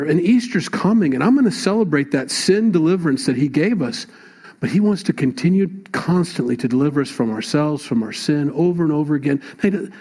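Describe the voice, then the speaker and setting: A man's voice: on the high side, darkish tone, breathy edge. Conversational preaching man, pastor. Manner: conversational preaching, rising emphatic at times. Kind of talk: sermon.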